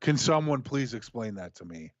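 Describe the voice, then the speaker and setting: A man's voice: mid-range voice, big pitch swings, normal speed, dry recording. Man from new york, podcast co-host, blunt and exasperated, dull muffled dry audio. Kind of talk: casual chat.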